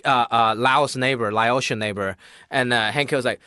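A man, an actor, in a casual podcast chat, telling stories in an animated way and trailing off into quiet asides. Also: mid-range voice, moderate pace, clean tone, dry recording, clean studio sound.

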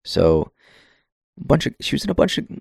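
A man's voice: medium pitch, huge pitch swings, fairly quick, gravelly, darkish tone, breathy edge, dry recording, studio quality. A man casually recapping a film scene by scene with plenty of swearing, acting out the characters' lines. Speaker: podcast co-host recapping a film. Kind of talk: casual chat.

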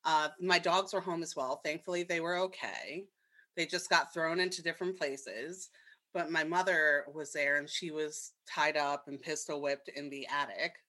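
Bright-voiced young woman telling a story. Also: sits low, fairly even intonation. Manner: candid, swears freely, quick asides. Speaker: podcast co-host. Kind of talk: casual storytelling chat.

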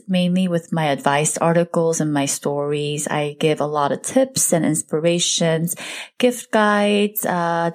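A woman in her thirties hosting her own podcast, telling a personal story in an earnest, confessional way. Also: low-pitched. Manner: earnest, confessional, slows down on emotional points. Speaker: podcast host and blogger.

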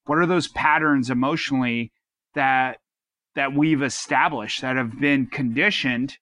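Bright, dry-voiced man giving advice. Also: mid-range voice, a little slow, no echo. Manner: earnest, rambling, many restarts. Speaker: podcast co-host. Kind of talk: casual advice-giving talk.

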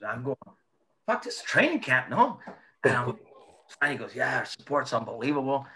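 A man spins stories in casual chat, his voice bright and lively as it leaps around. He swears freely and laughs as he goes. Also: medium pitch, moderate pace. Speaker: former hockey player telling stories.

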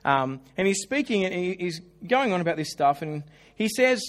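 A man preaching a sermon, telling animated stories with humorous asides. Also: sits high, normal speed. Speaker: pastor.

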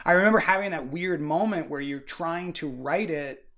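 A man's voice: a little high, normal speed, crowd noise. A man co-hosting a casual book discussion podcast, rambling with many "like" and "you know" fillers. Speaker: podcast co-host.

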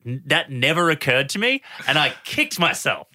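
A man's voice: a little high, normal speed, noisy background. A man from Australia, a radio host telling stories in a casual interview chat. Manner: lively storyteller, animated voices in anecdotes. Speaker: radio host and podcast guest.

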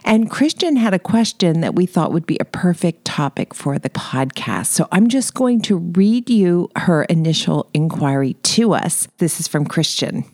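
Effusive woman podcast host, low voice, dry studio sound. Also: expressive, moderate pace, few pauses, a little mellow, dry recording. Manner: upbeat, effusive. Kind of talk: scripted podcast intro.

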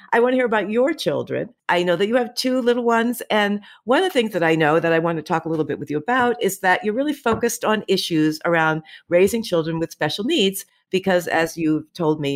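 Middle-aged lady hosting a podcast, lowish voice, warm encouraging questions. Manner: encouraging, affirming, laughs easily. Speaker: podcast host. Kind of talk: interview.

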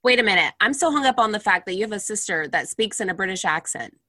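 A woman in casual group chat, curious and quick to react. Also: medium pitch, lively intonation, bright, forceful tone. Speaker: panel guest.

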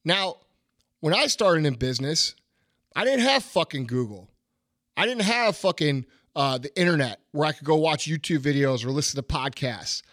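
A man's voice: fairly high pitch, animated, normal speed, fairly bright tone, dry recording, clean studio sound. A middle-aged man hosting a podcast, delivering a blunt, profane motivational rant with heavy repetition. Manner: blunt, emphatic, swearing, repeats phrases. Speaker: podcast host.

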